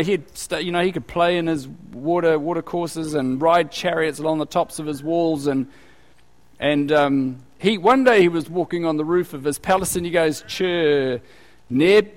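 Brief: slightly high-voiced male preacher, conversational and animated, long hall reverb. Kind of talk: sermon.

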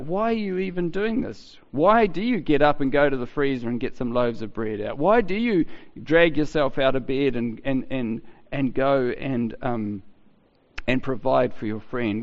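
A man's voice: mid-range voice, creaky. Man preaching in an echoing hall. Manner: conversational, halting with many restarts. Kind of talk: sermon. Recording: dull sound with long hall reverb.

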